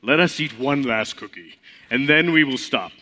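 A man voicing a gruff, treat-loving male toad in a storybook read aloud, in a lower, slower voice. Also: bright, forceful tone, big-room sound. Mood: pleading.

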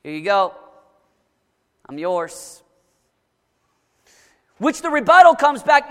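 A man preaching a sermon to a young crowd, dramatic, swinging from shouts down to low, intense murmurs. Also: sing-song, takes it slowly, long pauses, in a large hall.

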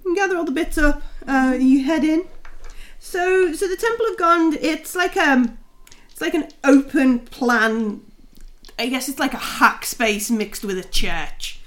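High-voiced woman running a tabletop game. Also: measured pace, fairly bright tone. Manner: hesitant, lots of ums, laughs often. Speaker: game master.

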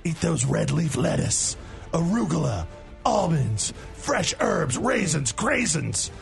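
A man doing an impression of a gruff, brooding male superhero with a gravelly growl, reading menu specials with a strained throat. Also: fairly high pitch, sing-song, slow pace, soft background music, exaggerated voice. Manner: mock-serious waiter reading specials. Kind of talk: on-the-spot impression.

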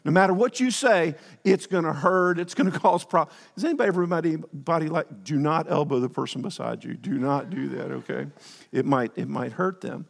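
A man's voice: a little high, fairly quick, creaky. A man preaching a sermon in a church, rambling and breaking off his sentences to add joking asides. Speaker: pastor. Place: church sanctuary. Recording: long hall reverb.

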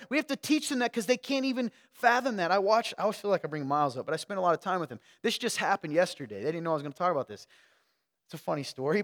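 A man preaching a sermon in a church, talking conversationally and swinging between quiet asides and loud emphatic stretches. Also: sits high, in a large hall. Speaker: pastor. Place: church sanctuary.

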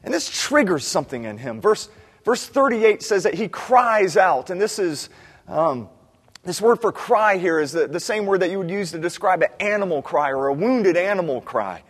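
Male pastor, lively sermon delivery, echoing church hall. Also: high-pitched, normal speed, husky. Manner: animated preaching, acts out desperate cries.

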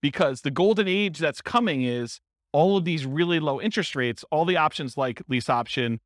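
A man's voice: fairly high pitch, lively intonation, dry recording, studio quality. A man teaching a live class on real estate investing, answering a question conversationally and asking himself rhetorical questions. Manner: fast, conversational, thinks aloud with rhetorical questions.

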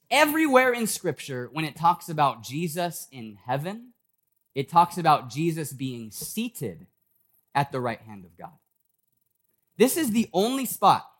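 Animated, conversational male preacher. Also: high voice. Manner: conversational preaching, acts out quoted voices. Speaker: pastor. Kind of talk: sermon. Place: church.

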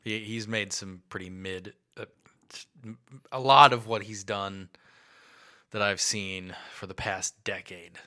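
A man hosting a casual podcast chat, moving the talk along with questions and quick opinions. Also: on the low side, steady tone, bright, forceful tone.

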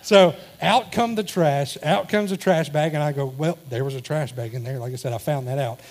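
Animated man telling a story. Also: a little high, moderate pace. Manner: animated storytelling, acting out quoted family members. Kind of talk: humorous sermon anecdote.

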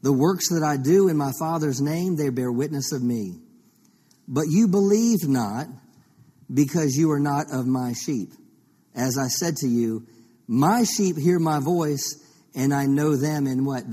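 Husky-voiced pastor preaching in a hall. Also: male voice, mid-range voice, a little slow, dark tone. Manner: teaching with frequent rhetorical questions. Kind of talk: sermon. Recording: long reverb of a large hall.

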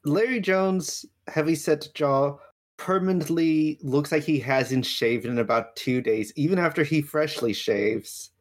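A tabletop game player casually describing a character, with halting pauses. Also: mid-range voice.

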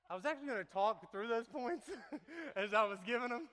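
Bright high-voiced preacher in echoey hall. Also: male voice, lively intonation, normal speed. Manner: playful, laughing, talks to congregation. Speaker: pastor. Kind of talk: sermon with live demonstration.

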